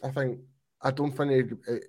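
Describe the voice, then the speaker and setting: A man's voice: medium pitch, level tone, moderate pace, dark tone. A man in a casual sports chat, often repeating words as he starts a thought.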